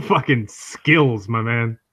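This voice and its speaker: A man's voice: mid-range voice, drawn-out words, fairly bright tone, slight background noise. Male podcast guest, crude, blunt, stumbles on restarts. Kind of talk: casual chat.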